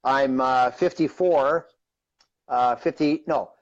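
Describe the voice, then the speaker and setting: A man in his fifties from Canada tells his story as a guest on a live stream. He rambles in a conversational way, checking in with "you know" and "right?". His mid-pitched voice comes through dull, lo-fi audio. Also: takes it slowly. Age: 50s.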